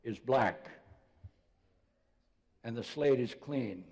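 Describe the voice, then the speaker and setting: Older man, pastor, mellow, storytelling sermon, reverberant church sound. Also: medium pitch, drawn-out words, gravelly. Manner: conversational storytelling preacher, drops to soft voice for quotes. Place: church sanctuary.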